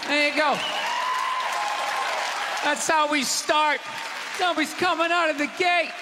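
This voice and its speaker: A man doing a stand-up routine in a large theater, ranting and swearing with loud exasperated bursts. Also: very high-pitched, steady tone, unhurried, background noise. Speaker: stand-up comedian. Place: large theater stage with live audience. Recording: live theater recording with hall reverb and crowd.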